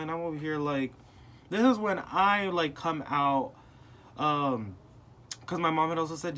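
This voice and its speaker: A man's voice: on the high side, moderate pace, slight background noise. A young man telling a personal family story in casual chat, acting out the voices of the people in it with lots of filler words. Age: young adult. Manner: animated, acting out family members in retold dialogue. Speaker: podcast host.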